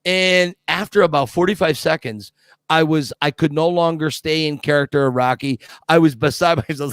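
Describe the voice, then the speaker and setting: Excitable storyteller, dry close sound. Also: male voice, on the high side, moderate pace, dry recording. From Scranton, Pennsylvania. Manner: excited, restarts often, acts out quotes. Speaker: guest, Rocky impersonator. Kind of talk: casual storytelling.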